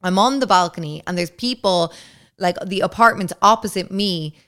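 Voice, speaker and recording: A woman's voice: medium pitch, normal speed, a bit bright, clean tone. A woman hosting a podcast, telling a story in a casual, chatty way, full of filler words and swearing. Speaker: podcast host.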